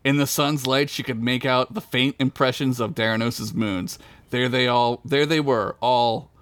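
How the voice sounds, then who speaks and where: A man's voice: mid-range voice, steady tone, normal speed, fairly bright tone, dry recording. A man hosting and reading an irreverent comic story, often laughing and correcting himself mid-sentence. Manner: laughing, rambling, self-correcting. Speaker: host and storyteller.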